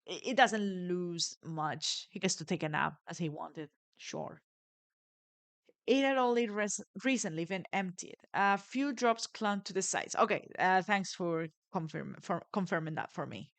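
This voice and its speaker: A woman's voice: fairly low pitch, unhurried, no room sound. A woman giving casual let's play commentary, reading the game's text aloud and wondering aloud about the story. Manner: chatty, musing, wondering aloud.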